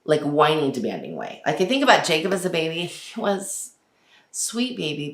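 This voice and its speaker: Low-voiced chatty woman, echoey room. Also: very animated, normal speed. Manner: chatty, laughs often, many fillers. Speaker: host. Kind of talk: casual chat.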